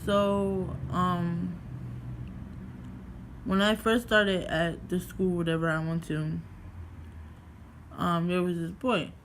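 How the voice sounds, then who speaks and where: A woman's voice: lowish voice, little pitch movement, slow, pauses often, a little hiss or hum. A young woman from New York vlogging casually at home, rambling through a story with lots of fillers and swearing.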